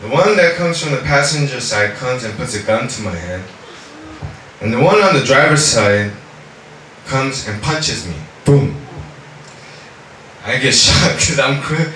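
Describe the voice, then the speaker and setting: Bright-voiced man telling a testimony in an echoey room. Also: medium pitch, a little slow, pauses often. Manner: animated storytelling, heavy on fillers like "you know"; switches into Korean at times. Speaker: speaker giving a testimony. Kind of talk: personal faith testimony. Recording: echoey room, mic far off, faint noise.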